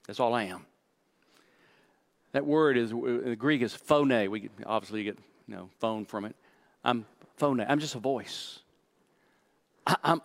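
A middle-aged pastor preaching a sermon, dramatic, acting out quoted lines and repeating words. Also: male voice, medium pitch.

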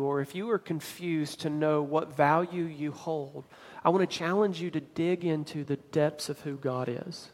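A man preaching a sermon as pastor, emphatic and building to louder climaxes. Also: on the high side, fairly even intonation, normal speed, big-room sound.

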